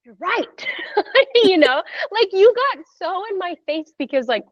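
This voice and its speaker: A woman in her thirties telling her birth story in a casual, animated way, full of "like" and acted-out quotes. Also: very high voice, moderate pace, dry recording, lo-fi sound. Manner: animated, heavy use of "like", acts out quoted voices. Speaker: podcast guest sharing a birth story.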